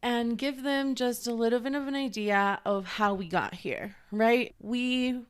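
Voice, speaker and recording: Podcast host, woman from Ecuador, 30s, chatty and upbeat, smooth clear voice. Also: a little high, a little slow. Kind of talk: casual podcast chat.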